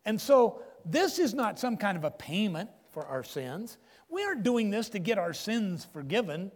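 An older man, a grandfather and pastor, preaching a sermon with emphatic pauses. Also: extremely high pitch. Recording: long echo of a large hall.

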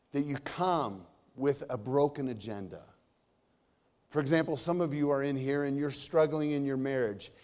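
Middle-aged pastor preaching in a reverberant hall. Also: male voice, mid-range voice. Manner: conversational preaching, swinging between loud and hushed. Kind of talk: sermon. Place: church sanctuary. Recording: long reverb of a large hall.

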